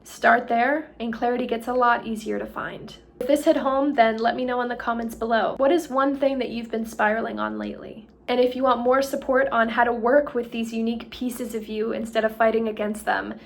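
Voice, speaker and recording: A woman's voice: fairly high pitch, fairly quick, gravelly, a little hiss or hum. A woman coach giving an earnest motivational talk straight to the viewer. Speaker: self-help coach.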